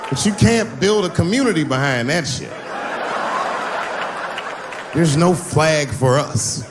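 Male stand-up comic, loose profane storytelling, jumpy pitch bursts, faint background noise. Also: expressive, slow pace, crowd noise. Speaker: stand-up comedian. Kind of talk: stand-up comedy routine. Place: live comedy stage.

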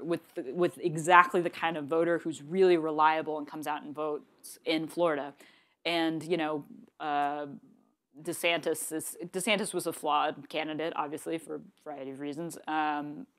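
Low-voiced chatty woman panelist. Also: a bit bright. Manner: chatty, full of "like" and restarts. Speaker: panelist journalist. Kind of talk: panel discussion.

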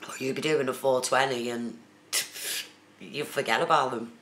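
A woman's voice: extremely low pitch, steady tone, moderate pace, a bit bright. A woman from the UK chatting casually on a live stream, reading out viewer comments and answering them. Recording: echoey room with faint noise.

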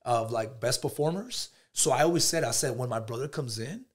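A man in his thirties talks fast and animatedly as a guest on a casual podcast. He acts out conversations as he goes and keeps dropping "bro" into his sentences. His pitch sits in an ordinary middle range. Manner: animated storyteller, acts out dialogue, says "bro" constantly.

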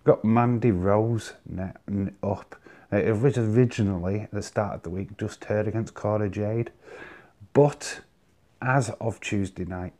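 Low-voiced man giving wrestling predictions. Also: dark tone. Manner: chatty and opinionated, giving predictions. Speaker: wrestling vlog host. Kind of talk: casual solo commentary.

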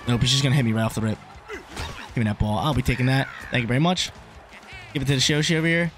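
A young man giving live commentary over his own online soccer game, excitable and swinging between hype and frustration. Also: mid-range voice, fast, faint music behind. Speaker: gaming YouTuber.

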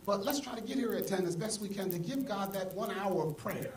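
A male pastor preaching a sermon, swinging from soft asides to loud exclamations. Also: high voice, a little fast, recorded from a distance. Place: church sanctuary. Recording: echoey church hall, mic from afar, congregation audible. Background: congregation.

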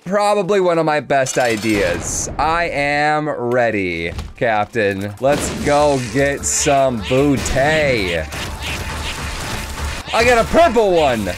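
Dude doing let's play commentary, super jokey, voice jumping all over, game music going. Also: male voice, mid-range voice, takes it slowly. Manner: excitable, jokey, chatty with the game. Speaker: gaming channel host.

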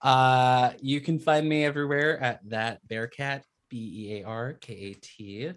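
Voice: mid-range voice, steady tone, a little slow. A player chatting casually and cheerfully about an upcoming game. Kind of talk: casual chat.

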